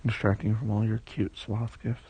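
A young man in an intimate boyfriend role-play, talking in a relaxed, teasing, affectionate way with many soft hums, as if in bed. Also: on the low side, brisk, a little hiss or hum. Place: bed, indoors.

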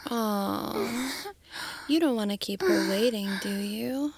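Slow, gravelly woman in whispered role-play. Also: on the high side, expressive, slight background noise. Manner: teasing, coaxing, often whispered.

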